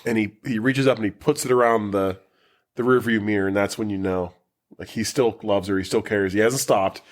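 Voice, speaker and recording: Guy on a movie podcast, swears a lot, laughs, gets all animated retelling scenes. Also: on the low side, fairly quick. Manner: animated, profane, laughs a lot, acts out characters. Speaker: podcast co-host. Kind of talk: casual movie-review chat.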